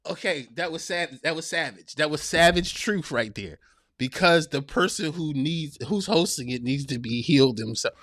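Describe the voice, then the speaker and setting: Slangy preachy man host, bit high. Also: lively intonation, moderate pace, a bit bright, dry recording, studio quality. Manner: preachy, laughs a lot, drawls with slang. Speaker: podcast host reading live chat. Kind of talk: casual live-stream commentary.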